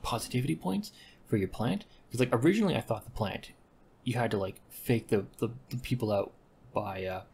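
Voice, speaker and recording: A man giving casual gameplay commentary, rambling and correcting himself with deadpan asides. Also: on the low side, vocal fry, slight background noise. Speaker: gaming commentator.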